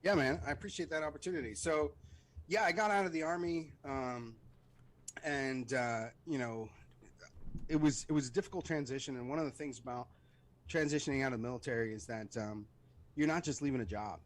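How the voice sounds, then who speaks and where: A man's voice: medium pitch, brisk. A middle-aged man, an Army veteran, telling stories as a guest in a casual interview and acting out voices and sounds. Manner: animated, acts out voices and sounds in his stories. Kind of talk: casual storytelling in a podcast interview.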